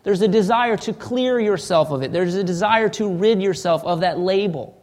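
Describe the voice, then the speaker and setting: A man preaching a sermon in an earnest, searching way, often restarting phrases and sinking to a soft, low voice. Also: normal speed. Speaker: pastor.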